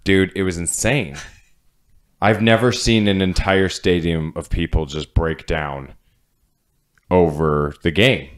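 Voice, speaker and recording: A man's voice: low-pitched, fairly even intonation, slow. A man with a Cleveland accent co-hosting a podcast, talking bluntly and swearing freely in casual chat. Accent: Cleveland, Ohio. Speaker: podcast co-host.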